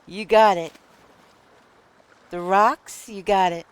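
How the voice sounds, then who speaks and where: Slow-talking woman with a New York accent. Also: mid-range voice, fairly even intonation, clear, resonant tone. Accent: Long Island New York. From Long Island, New York. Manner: chatty, laughs often, answers chat. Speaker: streamer. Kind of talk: casual live-stream chat with viewers.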